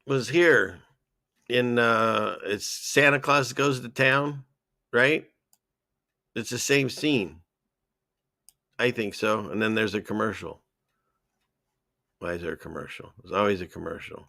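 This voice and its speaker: A man's voice: on the low side, slow, gravelly, pauses often, bright, forceful tone, no room sound, studio quality. A man hosting a casual commentary show, talking in a sarcastic, scoffing, rambling way. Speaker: podcast host.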